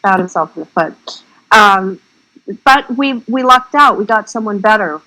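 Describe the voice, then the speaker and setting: A woman's voice: medium pitch, expressive, measured pace, sharp tone, poor audio. A woman guest on an interview podcast, chatting casually and rambling through her stories. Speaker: guest filmmaker.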